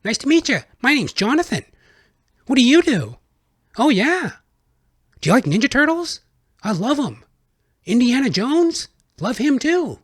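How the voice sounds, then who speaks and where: A man's voice: high-pitched, flat delivery, pitched above the performer's own voice, lightly acted. A man voicing himself as a small, eager boy who chatters happily at everyone. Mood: excited chatty. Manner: bubbly, eager, rapid greetings.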